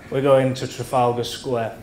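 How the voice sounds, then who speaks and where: A man in his thirties spins bawdy after-dinner anecdotes, swearing freely and acting out the people in his stories. His voice sits at a middling pitch. It rings around a roomy function hall over a faint murmur of ambience. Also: flat delivery, normal speed, darkish tone, slight background noise. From England. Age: 30s.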